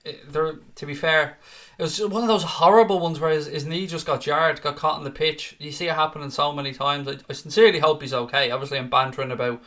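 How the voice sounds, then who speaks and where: A young man commentates on a football match for a live fan stream. His voice sits a touch high and comes across bright and forceful. He calls the action excitably and swears freely as he bounces between play-by-play and teasing the chat. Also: fast. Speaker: watchalong host and fan commentator.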